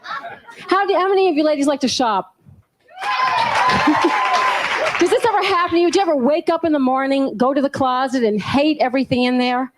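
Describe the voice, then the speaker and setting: Southern woman comic, fairly high voice, punchy stand-up delivery, noisy live club recording. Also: very animated, moderate pace, pauses often, a loud crowd. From New Orleans, USA. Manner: punchy joke delivery, laughing at her own lines. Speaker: stand-up comedian. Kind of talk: stand-up comedy set. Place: comedy club stage.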